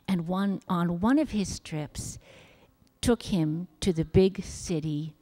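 Woman, children's sermon, gentle expressive storytelling, slow pace, lowish mellow voice. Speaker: children's message leader at church. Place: church sanctuary.

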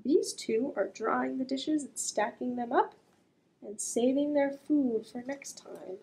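A woman reading a picture book aloud to children as a librarian, gently asking the listener questions and drawing out the sound words. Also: high voice, slow pace, vocal fry, low-quality recording.

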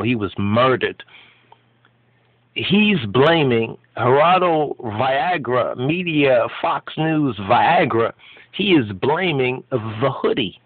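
A man delivers fervent spoken commentary in an everyday middle-pitched voice. He is emphatic and sermon-like, repeating and restarting phrases as he drives his points home. The sound is narrow and tinny, like a phone line, with no room around it. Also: slightly rough, no echo. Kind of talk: impassioned spoken commentary on an article.

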